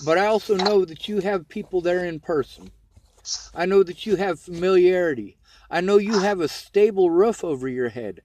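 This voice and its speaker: Earnest high-voiced man on the phone. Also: moderate pace, darkish tone, a little hiss or hum. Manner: earnest, reassuring, argues his point. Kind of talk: emotional phone conversation.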